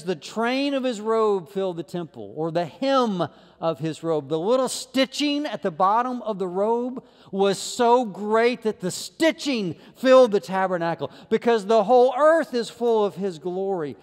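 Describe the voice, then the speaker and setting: A man preaching a sermon as pastor, swinging between loud emphatic lines and low quiet ones. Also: animated, measured pace, clean tone, big-room sound. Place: church sanctuary.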